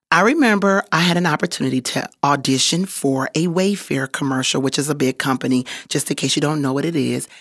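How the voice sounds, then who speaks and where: A woman hosting a motivational podcast, upbeat and encouraging, with a voiceover artist's clear delivery. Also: lowish voice, fairly bright tone, dry recording, studio quality. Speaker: podcast host.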